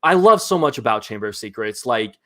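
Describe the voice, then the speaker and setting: A man hosting a live movie ranking show in casual chat, enthusiastic and quick to laugh, with lots of fillers. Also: fairly low pitch, sing-song, sharp tone.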